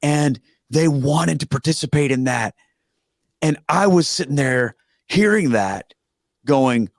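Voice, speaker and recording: A man's voice: on the high side, slow, vocal fry, no echo. Middle-aged guy telling stories as a guest, earnest and emphatic, dry close mic. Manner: earnest and emphatic, with animated asides. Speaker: guest, former pastor. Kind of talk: conversational storytelling.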